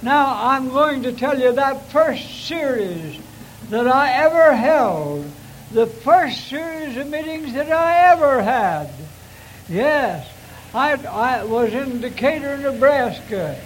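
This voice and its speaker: An older man, a preacher, recounting his early ministry in a folksy, halting storytelling manner with frequent restarts. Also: very high-pitched, animated, a little hiss or hum, low-quality recording. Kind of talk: recounting personal ministry testimony.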